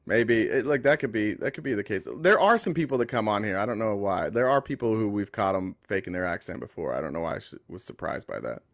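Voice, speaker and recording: A man's voice: on the low side, big pitch swings, fast talker, few pauses, dry recording, clean studio sound. Blunt man hosting a live stream. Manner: blunt, talks to callers directly. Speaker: livestream host. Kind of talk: casual live stream chat.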